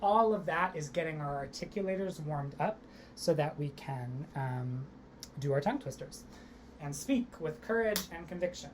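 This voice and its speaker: A young woman teaching an online theatre workshop, leading vocal and body warm-ups with upbeat encouragement. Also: deep voice, animated, normal speed, slight background noise. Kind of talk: online acting workshop instruction.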